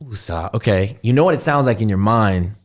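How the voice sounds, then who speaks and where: A man from Texas, a podcast guest, chatting in an animated, laughing way. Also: on the low side, fairly quick. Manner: animated, laughing, swoops into impressions. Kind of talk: casual chat.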